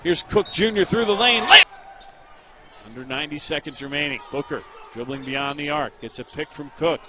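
Excitable basketball announcer, slightly high. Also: male voice, very noisy. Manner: rapid calls rising to shouts on big plays. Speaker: play-by-play commentator. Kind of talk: basketball play-by-play.

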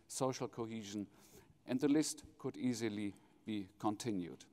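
A man's voice: mid-range voice, a little mellow. German-accented man in a big hall. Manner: measured, jovial, polls the audience. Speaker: foundation president giving opening speech. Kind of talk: formal welcome speech with light humor. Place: large university hall, live audience. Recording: reverberant hall.

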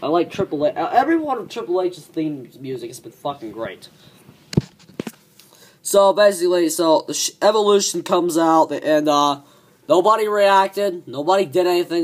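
A man ranting profanely as a wrestling show reviewer, excitable and repeating himself. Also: a little high. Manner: excitable, swearing, repeats words. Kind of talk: profane rant.

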